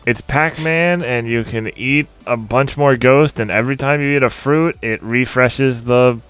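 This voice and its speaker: A man hosting a casual games podcast, talking in a loose, rambling way with frequent laughs. His voice is smooth and resonant at a middle pitch. Faint music sits quietly behind him. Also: a little slow, no room sound. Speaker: podcast host. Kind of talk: casual chat.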